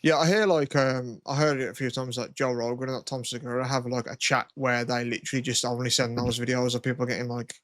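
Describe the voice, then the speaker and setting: A young man rambles through stories on a podcast, cursing freely and tagging his sentences with "you know what I mean". His voice sits at an ordinary pitch, and the recording is dry and close. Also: flat delivery, fast talker, hardly any pauses, no room sound. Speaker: podcast co-host. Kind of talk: casual chat.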